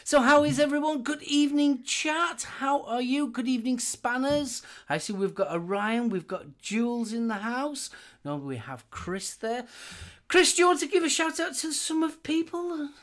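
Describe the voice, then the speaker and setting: A woman co-hosting a casual live stream, greeting the chat with bubbly, animated banter. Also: high voice, normal speed. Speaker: co-host.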